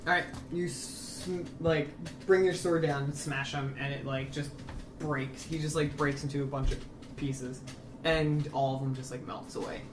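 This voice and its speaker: A man's voice: on the high side, steady tone, normal speed. A man running a tabletop game as its master, narrating in a loose, swearing, filler-heavy way. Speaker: dungeon master. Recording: echoey room with noise.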